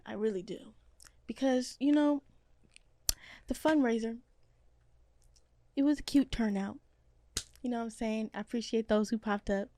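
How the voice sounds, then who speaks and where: Lively joking young woman host. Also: a little high, normal speed, pauses often. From Seattle area. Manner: animated, joking, swings between loud bursts and hushed asides. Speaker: podcast host. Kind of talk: casual chat.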